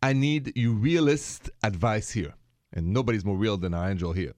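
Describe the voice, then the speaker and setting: A man's voice: fairly low pitch, normal speed, darkish tone. A man with a French accent co-hosting a relationship advice radio show. He speaks in an earnest, emphatic way. The studio sound is close and dry, with no room echo. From France.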